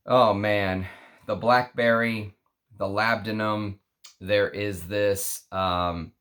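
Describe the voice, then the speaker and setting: A man's voice: fairly low pitch, fairly even intonation, slow pace, fairly bright tone. A man casually reviewing fragrances on his vlog, lingering with enthusiasm over long lists of scent notes.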